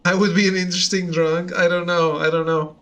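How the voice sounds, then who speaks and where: A man's voice: high voice, flat delivery, brisk, fairly bright tone. A young man chatting casually while streaming a game, joking and self-deprecating and laughing often. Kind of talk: casual chat over gameplay. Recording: faint game music behind. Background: game music.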